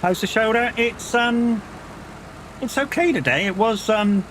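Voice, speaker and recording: A man's voice: high voice, unhurried, a bit bright, a little hiss or hum. A man with an English accent, a live streamer chatting casually and swearing while he plays a game and jokes with his chat. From England.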